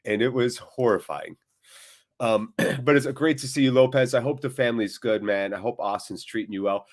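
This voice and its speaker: A man's voice: mid-range voice, steady tone, moderate pace. A man hosting a live football watchalong stream, chatting casually with viewers in a rambling, jokey way.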